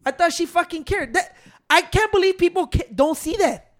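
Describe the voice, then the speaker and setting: A man's voice: extremely high pitch, normal speed. A man co-hosting a casual chat, ranting and opinionated, swearing and restarting his sentences. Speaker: podcast co-host.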